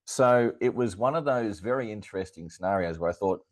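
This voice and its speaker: Deep-voiced Australian man telling stories. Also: fairly quick, no room sound, studio quality. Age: middle-aged. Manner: animated anecdotal storyteller, chuckling, many fillers and restarts. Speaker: astrologer guest. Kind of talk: conversational storytelling in an interview.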